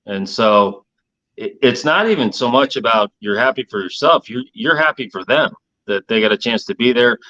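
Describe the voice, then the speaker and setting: A man's voice: fairly low pitch, bright, forceful tone, lo-fi sound. A man speaking earnestly in casual chat, repeating words as he searches for them.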